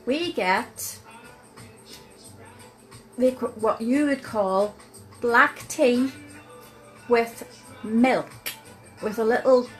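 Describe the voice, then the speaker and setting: A woman with a Northern Irish accent, telling a chatty personal story to camera as a vlogger, with many pauses and fillers. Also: fairly high pitch, soft background music, low-quality recording. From Northern Ireland.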